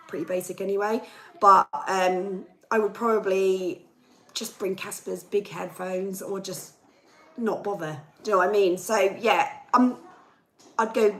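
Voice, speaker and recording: Casting note: young woman, chatty livestream host, chesty and hoarse, mid-range voice. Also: mid-range voice, moderate pace, low-quality recording. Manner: chatty, ranting, reads viewer comments aloud. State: chesty, losing her voice. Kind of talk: casual live chat with viewers.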